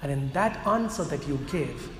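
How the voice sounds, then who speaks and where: A man preaching a sermon as a Catholic priest, emphatic, slowing down and dropping his voice low for key phrases. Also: expressive, fairly bright tone, slight background noise. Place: church. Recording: echoey church hall with long reverb.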